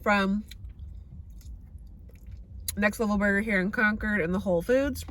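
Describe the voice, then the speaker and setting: Candid, expressive woman vlogging casually. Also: medium pitch, a little slow. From San Francisco Bay Area. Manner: candid and expressive, swears freely. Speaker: vegan vlogger. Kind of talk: casual vlog chat.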